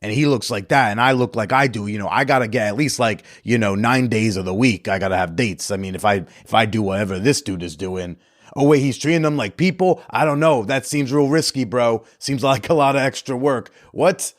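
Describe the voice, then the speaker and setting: A man's voice: medium pitch, brisk, natural voice. A man voicing a dim, boastful young alpha bro who talks in swaggering slang.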